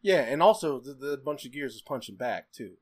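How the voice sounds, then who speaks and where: A man in casual chat, rambling excitedly with frequent laughs and fillers. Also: medium pitch, a little fast, slightly rough.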